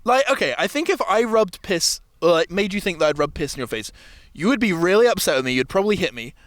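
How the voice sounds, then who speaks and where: High-voiced young man telling stories. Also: fast, no room sound, studio quality. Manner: animated storytelling with acted-out quotes, laughs often. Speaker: podcast host. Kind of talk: casual chat.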